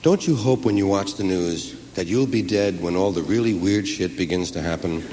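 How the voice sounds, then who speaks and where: A man performing stand-up comedy with a mocking, profane, animated delivery. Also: low voice, moderate pace, long reverb tail, slight background noise.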